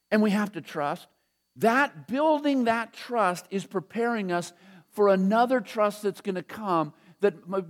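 A middle-aged pastor with a notably high voice delivers a folksy, storytelling sermon. He chuckles between lines and slows right down to hammer home each point. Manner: conversational storytelling preacher, chuckles often, slows down to stress points.

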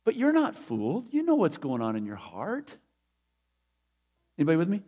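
Middle-aged male pastor, high voice, conversational and emphatic sermon delivery. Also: wildly swooping pitch, moderate pace, dark tone, husky. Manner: conversational, emphatic preaching with repeated phrases.

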